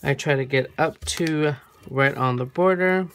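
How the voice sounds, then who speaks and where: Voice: medium pitch, unhurried. A craft tutorial host chatting through a hands-on demo at a home work table, often stopping to correct themself mid-sentence. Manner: chatty, with frequent self-corrections. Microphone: camera framing a work surface.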